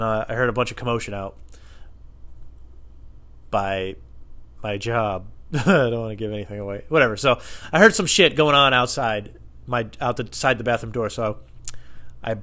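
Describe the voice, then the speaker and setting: A young man vlogging at home into a tiny close microphone, telling a story in a profane, animated way and laughing often. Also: medium pitch, normal speed, long pauses. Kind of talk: casual storytelling. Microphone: tiny microphone held close.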